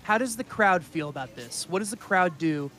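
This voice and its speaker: A man's voice: sits high, animated, moderate pace, a bit bright. A man playing in an improvised tabletop game, rambling comically through his character's actions. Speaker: guest player. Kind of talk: improvised tabletop role-play.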